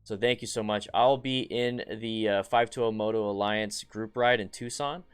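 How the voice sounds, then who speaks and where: A man hosting a casual live stream, chatting and reading viewer comments aloud with bursts of excitement. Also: lowish voice, moderate pace, clean tone. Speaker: motorcycle channel host.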